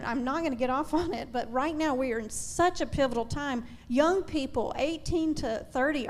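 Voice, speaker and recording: A middle-aged woman on a faith-based talk show, speaking earnestly and encouragingly to mothers, with frequent small restarts. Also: sits high.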